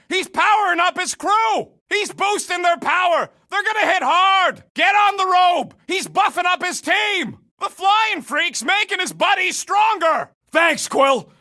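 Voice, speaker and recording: An actor playing a gruff, wisecracking male raccoon gunner in a video game, yelling brash, sarcastic combat callouts. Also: extremely high pitch, exaggerated voice.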